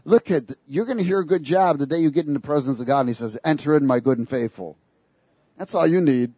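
A man preaching a sermon, lively and sarcastic, laughing between his points. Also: a little high, brisk, slightly rough, dry recording.

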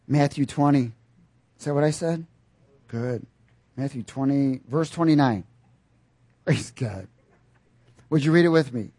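With a medium-pitched voice, a man preaches in an animated way, calling questions to the congregation and breaking into loud bursts. He takes his time, leaving long pauses, and the recording is dry.

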